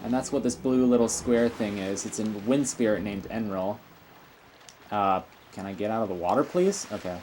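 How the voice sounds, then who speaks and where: A man's voice: on the low side, animated, normal speed, darkish tone, slight background noise. A man giving casual, rambling commentary while playing a video game, with frequent fillers and asides. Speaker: let's play commentator.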